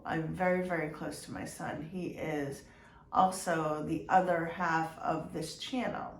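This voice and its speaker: Slow, congested woman vlogging. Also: low voice, fairly even intonation. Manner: slow, open and heartfelt, with many ums and restarts. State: congested from a cold. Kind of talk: casual personal update to viewers. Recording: echoey room with faint noise.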